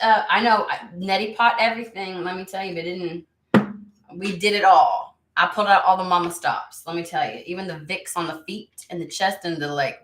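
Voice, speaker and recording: A chatty middle-aged woman, still a little under the weather, talks straight to her viewers and calls them out by name. Her voice is bright and forward, sitting a touch low for a woman. The sound bounces around an echoey room. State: recovering from illness, voice still affected. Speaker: tarot channel host. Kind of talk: casual livestream chat with viewers.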